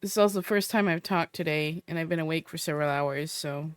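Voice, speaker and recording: A deep-voiced woman streamer talks fast, with a little hiss or hum in the audio. She rambles half to herself and chats profanely and casually with viewers while getting a roleplay character set up.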